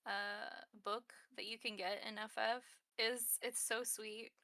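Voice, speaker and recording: A woman chatting casually on a stream, earnest and warm in manner. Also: fairly high pitch, flat delivery, slow pace, no echo. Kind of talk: casual live-stream chat.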